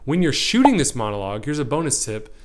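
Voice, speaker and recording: An acting coach, a man, talks straight to his viewers in an energetic, emphatic way. His voice sits at an ordinary middle pitch, and he leans on key words as he teaches. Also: fast talker. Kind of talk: direct-to-camera teaching.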